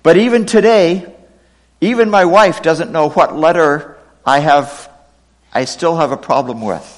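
A middle-aged man preaching a sermon, reading scripture quotes with expressive, dramatic delivery. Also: fairly high pitch, unhurried, long reverb tail. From United States, raised partly in Pakistan. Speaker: pastor.

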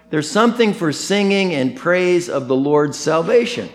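A man preaching a sermon as pastor, animated, acting out the quotes he tells. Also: a little high, normal speed, few pauses.

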